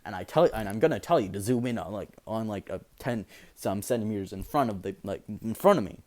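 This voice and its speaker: Man doing a bitter teen hero boy, scarred, halting speech, lowish voice. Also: lively intonation, natural voice. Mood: calm. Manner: halting, hesitant delivery with fillers.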